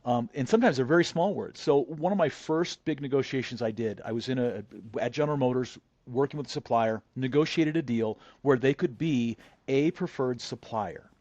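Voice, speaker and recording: A man's voice: medium pitch, normal speed, hardly any pauses, a little mellow, dry recording. Man, podcast guest, conversational storytelling, repeats words, dry dull sound. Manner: frequent restarts and word repeats.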